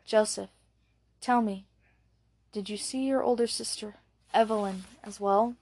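Woman voicing a soft-spoken male hypnotist. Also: medium pitch, steady tone, unhurried, breathy edge. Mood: coaxing. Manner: soft, coaxing questions.

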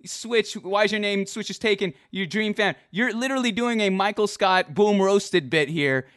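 A man's voice: high voice, normal speed, fairly bright tone, no room sound, clean studio sound. A man in his twenties hosting a casual chat, teasing his guest and reading messages aloud with mock drama. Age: 20s. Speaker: host.

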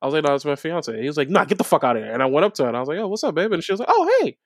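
Lively fast-talking man telling stories. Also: fairly high pitch, no room sound, studio quality. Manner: animated storyteller, laughs easily. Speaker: podcast co-host. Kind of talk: casual group chat.

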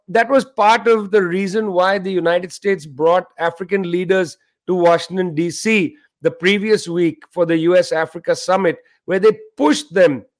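Guy with a pretty high voice doing news commentary, slow and emphatic, lots of ums. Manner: measured, emphatic, with frequent fillers. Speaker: news show host.

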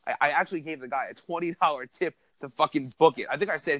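A young man telling a wild story in casual chat, animated and profane, laughing as he goes. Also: mid-range voice, a little fast, hardly any pauses, no echo. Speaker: podcast host telling a story.

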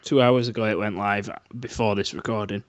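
A man's voice: lowish voice, steady tone, fairly quick, background noise. A man co-hosting a casual gaming podcast, loose and sweary, laughing easily. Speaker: podcast co-host.

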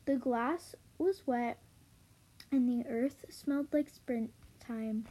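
A woman reads a children's book aloud in a slow, halting way, stumbling over words. Her voice is breathy and soft-toned, a little high. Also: poor audio. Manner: hesitant reading with stumbles and fillers. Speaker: reader.

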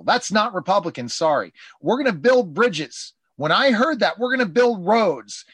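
A man hosting a political talk show, arguing emphatically and acting out politicians in quick asides. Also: sits high, dry recording. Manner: emphatic, animated, mimics politicians in quoted asides. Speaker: show host and journalist.

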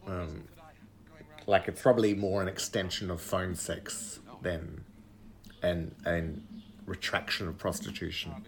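A man's voice: low-pitched, fairly even intonation, unhurried. A man co-hosting a podcast, chatting casually about a film in an easygoing way and laughing often. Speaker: podcast co-host.

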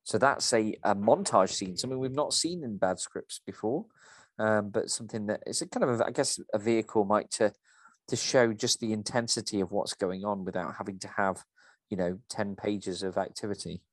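A man's voice: lowish voice, normal speed, no room sound. A man co-hosting a podcast, reading a script aloud and discussing it with a theatrical delivery.

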